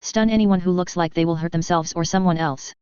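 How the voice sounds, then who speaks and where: A woman voicing a gruff male squad leader who gives curt commanding orders, in a clear dry voice. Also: on the low side, a little fast, a little mellow, no echo, dull audio, natural voice.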